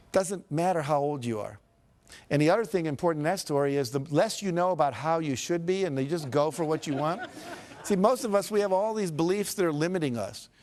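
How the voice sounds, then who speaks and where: A man's voice: fairly high pitch, darkish tone. A man giving a motivational seminar talk to an audience, telling stories and slipping into the quoted characters, with emphatic repetition. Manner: storytelling, shifting into quoted characters. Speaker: motivational speaker.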